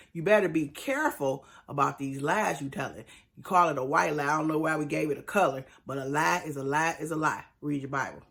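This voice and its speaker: A woman's voice: low-pitched, fairly bright tone. A woman recapping a reality show in a chatty, sassy way, acting out the cast's lines. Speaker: reality TV reviewer. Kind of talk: casual recap commentary.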